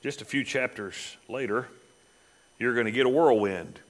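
A man preaching a sermon, reading scripture dramatically and dropping to quiet, pointed asides. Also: medium pitch, moderate pace.

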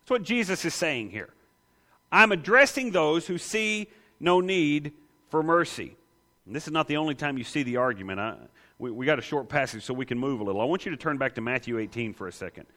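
A pastor preaching a sermon, emphatic and quick to pose rhetorical questions to the congregation. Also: male voice, on the high side, expressive, pushed and bright, in a large hall.

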